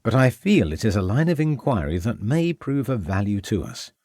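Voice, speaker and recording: Polite period police inspector, read by a male narrator, low lively delivery, dry. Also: moderate pace, dry recording. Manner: polite, formal.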